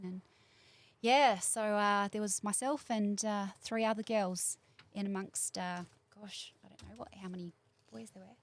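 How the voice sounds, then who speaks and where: A woman's voice: medium pitch, fairly even intonation, moderate pace. A woman in her forties from New Zealand with a New Zealand accent, chatting as a guest in a rambling way with many fillers. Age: 40s. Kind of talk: casual chat.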